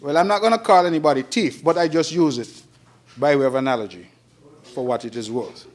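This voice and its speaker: High-pitched Nevisian male politician, emphatic parliamentary oratory, repeats his lines for effect. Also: a little fast. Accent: Kittitian-Nevisian. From Saint Kitts and Nevis. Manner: emphatic, repetitive oratory with rising and falling delivery. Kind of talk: parliamentary speech. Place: parliament chamber.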